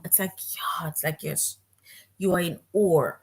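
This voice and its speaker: A woman's voice: medium pitch, moderate pace. A woman teaching a grammar lesson to young children, patient and repeating her points, often checking in with "right?".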